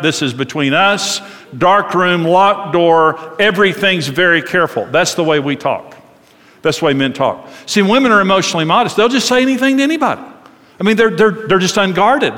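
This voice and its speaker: Middle-aged male preacher, higher-pitched, animated and funny, echoing through a big hall. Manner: animated, joking storyteller. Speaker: pastor. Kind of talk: conversational sermon. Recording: long reverb of a large hall.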